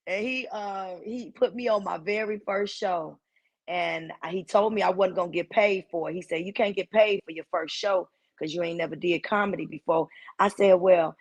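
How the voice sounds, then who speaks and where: A woman comedian from Chicago with a heavy, punchy voice, telling stories in a casual chat and acting out the people she quotes. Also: lowish voice. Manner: animated storyteller who acts out quoted voices. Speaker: guest comedian.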